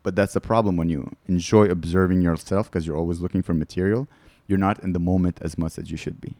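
A man's voice: deep voice, steady tone, fast, darkish tone, dry recording. A man, a comedian guest on a podcast, telling rambling candid stories in casual chat. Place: studio.

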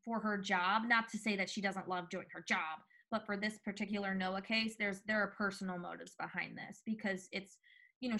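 A woman's voice: medium pitch, gravelly. Chatty woman recapping a TV episode. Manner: chatty, animated, lots of fillers. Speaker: podcast co-host. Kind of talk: casual TV recap chat.

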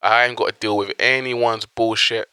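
A young man talks in a loose, blunt way, swearing often as he makes his points. His voice is bright and forceful. The sound is dry and close. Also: on the low side, moderate pace, clear, resonant tone, no echo. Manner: blunt, swears a lot, animated storytelling. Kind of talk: casual chat.

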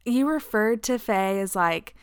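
A young adult woman hosting a podcast, chatting casually, bubbly and quick to laugh, with lots of "like". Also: medium pitch, lively intonation, clear, resonant tone, dry recording, studio quality. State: pregnant. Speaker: podcast host. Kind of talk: casual chat.

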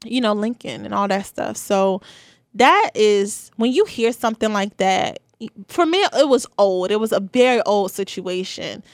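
A woman's voice: mid-range voice, expressive, measured pace, no echo. Young woman, casual podcast chat, candid, filler-heavy, dry close mic. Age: 20s. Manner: chatty, candid, many "you know" and "like" fillers. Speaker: podcast host. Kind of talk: casual solo podcast talk.

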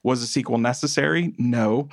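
A man's voice: medium pitch, normal speed, gravelly, no echo, studio quality. A man co-hosting a casual podcast, chatting enthusiastically as he reviews films. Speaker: podcast co-host. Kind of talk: casual chat.

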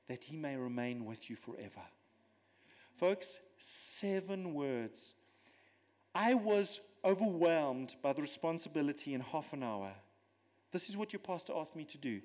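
A man giving a sermon as a guest preacher, animated and teaching with everyday examples and asides. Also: high voice, big-room sound. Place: church.

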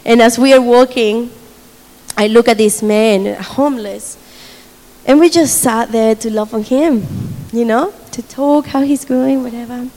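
An unhurried, high-voiced woman gives her testimony sermon in a hall with a long, lingering reverb. She recounts events with animation, frequent laughs, and dramatized quotes.

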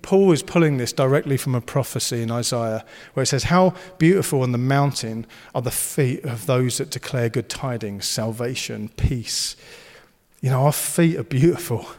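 A man's voice: mid-range voice, normal speed, darkish tone, big-room sound. A man preaching a sermon, earnest and encouraging, and he slips into playful banter. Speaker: pastor.

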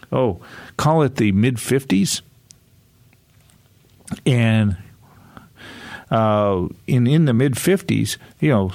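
A man's voice: lowish voice, vocal fry, a little mellow, no echo. A man in his sixties, an author telling a casual, rambling story with frequent chuckles and restarts. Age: 60s. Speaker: author and guest speaker.

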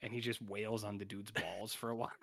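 With a lowish, fairly bright voice that barely shifts in pitch, he talks briskly with some vocal fry. As a podcast co-host recapping a TV episode, he rambles through filler-laden casual chat and acts out what the characters say.

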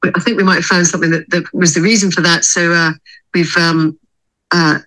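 A woman racehorse trainer being interviewed on a podcast, explaining her plans in a thoughtful, measured way. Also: fairly low pitch, fairly even intonation, bright, forceful tone, low-quality recording.

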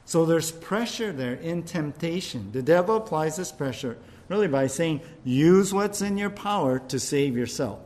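Preacher, male, slightly high-pitched, chatty sermon delivery with playful asides. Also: expressive, normal speed, hardly any pauses, darkish tone. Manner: conversational preaching, acts out quoted voices; repeats words, frequent "right?" asides. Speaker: pastor.

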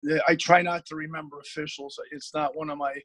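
A middle-aged man from Oregon, a high school football coach, telling stories as a guest in a rambling, earnest way with many repeated words. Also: little pitch movement, brisk, fairly bright tone, dry recording. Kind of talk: guest storytelling on a podcast.

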